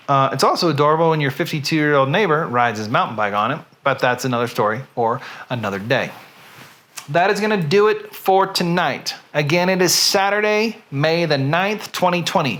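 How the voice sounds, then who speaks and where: A middle-aged man with a Southern US accent, hosting from home, reading a poem slowly with drawn-out line endings and then chatting casually. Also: on the high side, a bit bright. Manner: slow, drawn-out recital with falling line ends. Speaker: host. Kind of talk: dramatic poetry reading, then casual chat.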